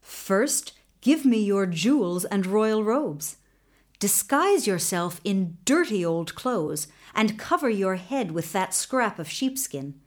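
A woman storyteller voicing a wise magical flying colt who gives calm, measured instructions. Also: mid-range voice.

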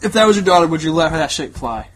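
A young man co-hosting a podcast in crude, jokey banter, loud and profane, recorded on cheap gear. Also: on the high side, animated, a little hiss or hum. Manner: loud, profane, jokey, puts on quick voices. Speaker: podcast co-host. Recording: cheap mic in a room, voice sometimes far.

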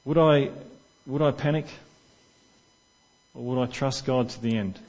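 A man preaching relaxed conversational sermon, middle-pitched voice, slightly dull lo-fi recording. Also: a little slow. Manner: conversational, asks the congregation questions.

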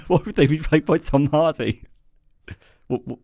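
A man's voice: fairly high pitch, measured pace, creaky, darkish tone, dry recording, studio quality. A man co-hosting a podcast, sarcastically tearing into a movie with lots of ums and restarts. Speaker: podcast co-host. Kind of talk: casual film review chat.

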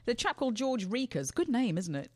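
A woman co-hosting a casual comedic chat. She speaks with a dry, self-deprecating humour and giggles often. Her pitch swoops about with lots of movement. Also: sing-song, a little fast, darkish tone, no room sound. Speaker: co-host.

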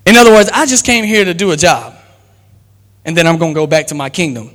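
Man, pastor preaching, very high voice, long hall reverb. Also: fast, a bit bright. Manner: preaching, acts out quotes, asks the crowd to respond. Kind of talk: sermon.

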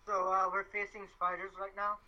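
A woman's voice: mid-range voice, level tone, normal speed, highs cut off. A woman player in a tabletop game, eager and hesitant, full of fillers. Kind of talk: casual tabletop game chat.

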